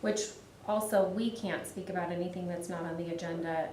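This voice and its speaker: A woman's voice: lowish voice, fairly even intonation, a little fast. A woman board member asking questions in a meeting discussion, thinking aloud and working through her point with fillers. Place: district office meeting room. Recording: distant mic in a roomy space with loud noise.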